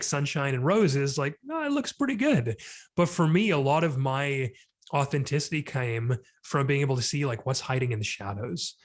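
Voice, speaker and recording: A man opens up as a podcast guest, his voice sitting at an ordinary middle pitch. He talks earnestly and thinks aloud, and he keeps leaning on "like" as he gropes for his words. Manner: earnest, introspective, many filler "like"s. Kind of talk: reflective conversation.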